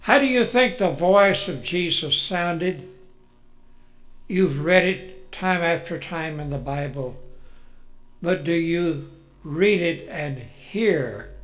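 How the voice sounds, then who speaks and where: Slow, earnest male preacher. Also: a little high, expressive. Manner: slow, earnest, shifting from loud to hushed. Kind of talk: sermon.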